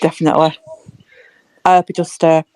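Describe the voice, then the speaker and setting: A woman co-hosting a casual football fan podcast, chatty and quick to giggle. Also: deep voice, little pitch movement, darkish tone, no echo. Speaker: podcast co-host.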